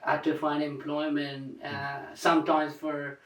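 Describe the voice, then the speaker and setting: A man co-hosting a talk show, upbeat and quick to laugh and praise his guests. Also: fairly high pitch, monotone, fairly bright tone. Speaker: co-host. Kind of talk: casual chat. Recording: roomy studio from a distance.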